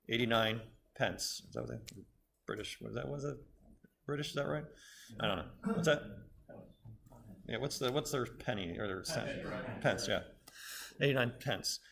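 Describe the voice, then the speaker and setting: A man teaching a business school class, with a voice of ordinary, middle pitch. He explains step by step in a conversational way and sometimes stops to correct himself. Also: fairly bright tone. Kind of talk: classroom lecture.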